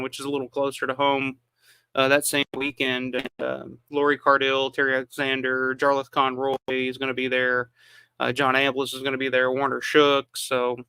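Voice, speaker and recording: A man's voice: medium pitch, bright, forceful tone, clean tone, dry recording. A man from the American South hosting a live watch-along, giving casual film commentary with lots of restarts and fillers. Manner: rambling, frequent restarts and fillers. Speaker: live stream host.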